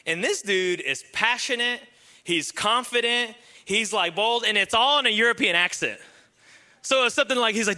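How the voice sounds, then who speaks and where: A young man preaching a sermon, telling a story with jokes and slipping into excited impressions. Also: very high voice, fairly quick. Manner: animated, joking, breaks into excited impressions. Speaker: pastor.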